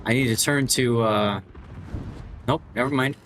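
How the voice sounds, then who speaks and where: Man, chatty live game commentary, jokey, clear gunfire and game noise behind. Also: medium pitch, unhurried, fairly bright tone. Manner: chatty, jokey, greets chat. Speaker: game streamer.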